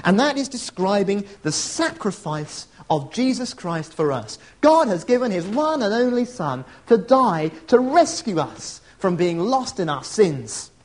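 A middle-aged man preaching with an earnest, chatty warmth of delivery. His voice sits fairly high and swings widely in pitch, rising and falling with his points. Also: very animated, a little slow, few pauses. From England. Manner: earnest, conversational, storytelling asides. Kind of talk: sermon.

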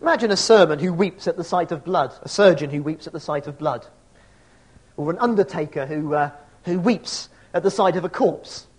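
A man's voice: on the high side, normal speed, slightly rough. A man preaching a sermon in a reflective way, asking rhetorical questions and reading scripture aloud. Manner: reads scripture and poetry aloud.

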